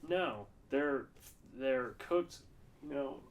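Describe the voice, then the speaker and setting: A man's voice: medium pitch, expressive, extremely slow, phone-quality sound. Rambling, profane podcast co-host man. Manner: rambling, profane storytelling with lots of fillers. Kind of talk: casual chat.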